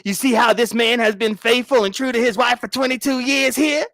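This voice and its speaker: High-voiced man on a sarcastic stream rant. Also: fairly quick, no room sound. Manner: animated, sarcastic, repeats himself. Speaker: YouTube streamer. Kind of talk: sarcastic ranting stream commentary.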